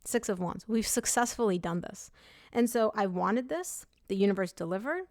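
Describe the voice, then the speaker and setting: A woman reads tarot cards in a chatty, upbeat way, speaking straight to her viewers. Her voice sits at a middle pitch. It is close and dry, with no room echo. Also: animated, moderate pace, a little mellow. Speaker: tarot reader. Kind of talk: tarot reading monologue.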